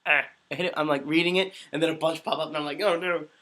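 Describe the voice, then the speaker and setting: A man in his twenties, a voice actor, hosts a casual livestream Q&A in a fairly high, pushed and bright voice. He talks very fast with fairly even intonation, rambling, giggling, and making self-deprecating jokes. His voice sounds a little under the weather.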